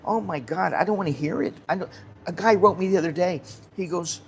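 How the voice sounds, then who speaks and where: A man's voice: high-pitched, fairly quick, gravelly, a little hiss or hum. An American man hosting a casual live stream, talking bluntly in a rambling way and swearing freely. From United States.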